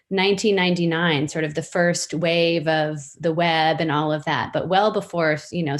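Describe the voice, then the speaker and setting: A woman in her fifties, whose voice sits on the low side, appears as a guest on a podcast interview. She practices storytelling and speaks about her work in a casual, thoughtful way, often pausing with fillers and restarting her sentences.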